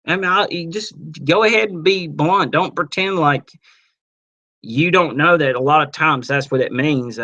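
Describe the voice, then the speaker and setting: A man teaching a webinar on network marketing, casual and energetic, acting out little sales dialogues as he goes. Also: fairly high pitch, moderate pace, highs cut off. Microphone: computer mic on a webinar.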